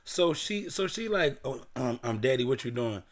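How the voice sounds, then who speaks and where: Young guy from baltimore telling a crude story on a podcast, swearing a lot, reading old texts out loud. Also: mid-range voice, normal speed. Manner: profane, animated storyteller reading old messages aloud. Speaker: podcast co-host. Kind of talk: casual storytelling chat.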